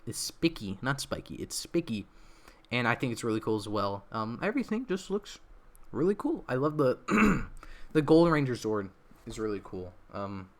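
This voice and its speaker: A man's voice: mid-range voice, sing-song, normal speed. A young man hosting a casual livestream, rambling through his opinions with lots of fillers, restarts and small laughs, his throat feeling a bit off. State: throat feels off. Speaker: livestream host.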